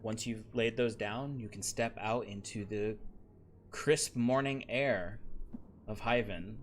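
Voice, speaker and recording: A man's voice: lowish voice, takes it slowly, slight background noise. Rambling male game master. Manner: rambling, many fillers. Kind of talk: narrating a tabletop game.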